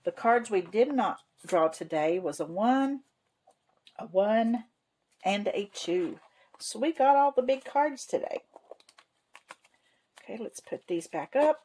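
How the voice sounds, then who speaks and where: A woman hosting a savings channel narrates a casual cash-stuffing vlog, counting money aloud to herself in a folksy, homey manner. Her voice sits on the high side with a dark tone; she's animated yet slow, with long pauses, and the recording quality is low.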